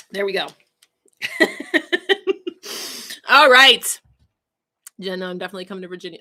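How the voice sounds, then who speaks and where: A woman's voice: medium pitch, normal speed, pauses often, sharp tone. A woman hosting a casual livestream announcement, emotional and laughing as she chokes up reading comments. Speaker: livestream host, coach.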